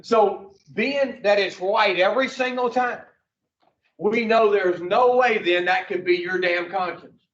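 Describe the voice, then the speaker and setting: In a room with a group, a man leads an addiction recovery class, quizzing the people in front of him in a blunt, profane way. His voice is high, fairly bright, and measured in pace. The recording is roomy, distant, and dull lo-fi.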